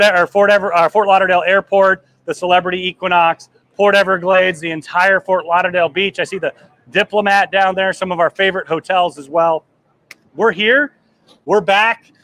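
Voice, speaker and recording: This is a travel agency host, a man in his thirties, running a live vlog from a cruise ship's deck. Excited and emotional, he rambles in a voice that sits high, trembling and choking up.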